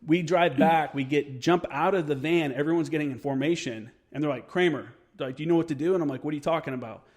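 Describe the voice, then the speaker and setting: Profane man telling animated war stories. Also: a little high, quick pace. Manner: profane, animated storyteller who acts out quotes. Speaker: podcast guest. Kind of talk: casual storytelling chat.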